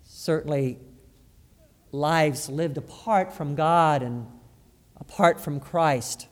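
High-voiced pastor preaching in reverb. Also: male voice. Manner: halting, repeats words, rises to emphatic stress. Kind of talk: sermon. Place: church sanctuary.

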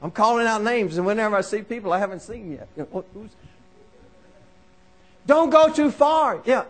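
A man preaching a sermon to a live congregation, animated and repetitive, calling out listeners by name. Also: high voice, fast.

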